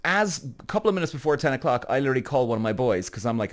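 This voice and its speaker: An Irish man hosting a podcast, telling a story in an animated, exasperated way. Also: medium pitch, racing. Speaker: podcast host. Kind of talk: casual storytelling.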